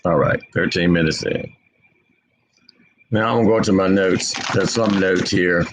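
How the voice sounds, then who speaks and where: A man giving an unscripted spiritual commentary, impassioned and repetitive, his pitch swinging between low and high. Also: a little slow, poor audio. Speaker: online preacher.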